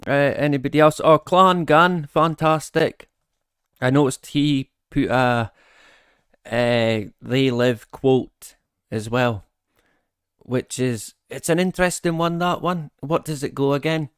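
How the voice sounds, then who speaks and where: A man hosts a live stream in an unhurried, easygoing way, greeting viewers by name and laughing often between his remarks. His voice is smooth and clear, with a dry, close sound and no room echo. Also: mid-range voice, fairly even intonation. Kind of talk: casual live-stream chat.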